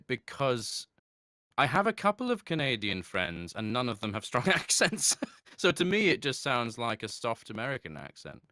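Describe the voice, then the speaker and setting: Thoughtful, halting man with a bright voice. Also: medium pitch, clean tone, dry recording, studio quality. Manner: halting, thoughtful, with frequent restarts; laughs lightly while talking. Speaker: interview guest. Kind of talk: casual interview chat.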